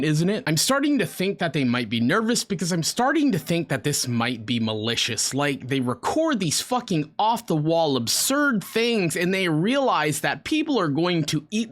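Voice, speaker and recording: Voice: mid-range voice, fairly bright tone. A commentary host talking bluntly and sarcastically, swearing often while picking apart a video. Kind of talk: reaction commentary.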